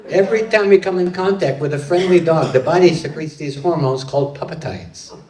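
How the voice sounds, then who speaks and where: Slightly high and animated, a man's voice moves fairly quickly over a noisy background as he does playful, pun-heavy stand-up for a live audience, taking questions with loud jokey delivery. The mic is distant in a roomy hall.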